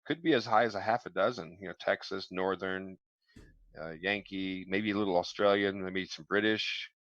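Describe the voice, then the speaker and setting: A man's voice: deep voice, steady tone, moderate pace, a bit bright, no room sound. A man hosting a casual live-stream chat show, joking and rambling. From mix of New York and Midwest. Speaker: show host. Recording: dull lo-fi stream audio.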